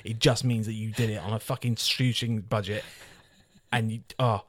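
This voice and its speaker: A man's voice: lowish voice, steady tone, normal speed, no room sound. A man ranting and swearing freely while reviewing a film on a casual podcast. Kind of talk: casual chat.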